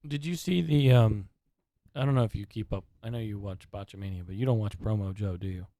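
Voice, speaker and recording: A man's voice: on the low side, a little fast, dark tone, no echo. A man co-hosting a podcast in casual chat, rambling and swearing freely as he rants. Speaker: podcast co-host.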